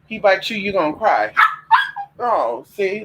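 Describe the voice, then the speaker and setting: A man with a very bright, sharp-edged voice that sits a little high for a man. He talks to his viewers in a loose, profane late-night vlog chat, calling them honey and y'all. He also coos at and scolds his puppies in a playful pet-talk voice. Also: animated, fast, slight background noise, poor audio. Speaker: vlogger.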